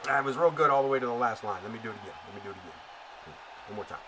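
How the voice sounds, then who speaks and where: A male streamer in a loose, jokey mood chats his way through a wrestling game. His pitch sits in a middle range, and he keeps trailing off and restarting his sentences. A steady hiss of background noise runs under his voice. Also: rapid-fire. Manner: rambling, full of fillers and restarts, jokey. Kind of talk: casual chat.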